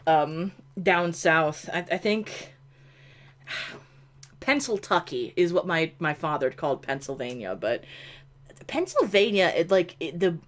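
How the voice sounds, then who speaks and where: This woman's voice is fairly low and animated, and she speaks at a measured pace. She has an upstate New York accent and rambles through casual chat while gaming on stream, full of "like" and quick to laugh.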